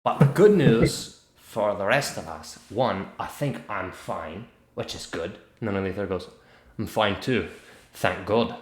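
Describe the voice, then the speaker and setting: A man narrating as game master in a tabletop game, casual and halting. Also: lowish voice, lively intonation, a little mellow, reverberant.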